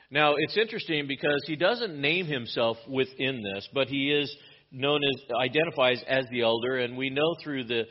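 Male pastor, mid-pitched, teaching a sermon verse by verse, muffled lo-fi recording. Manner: explanatory Bible teaching with frequent restarts.

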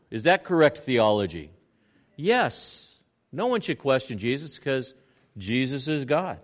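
A man preaching a sermon, animated, acting out little scenes in quoted voices. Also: a little slow. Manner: animated preaching with swings in pitch and loudness. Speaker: pastor.

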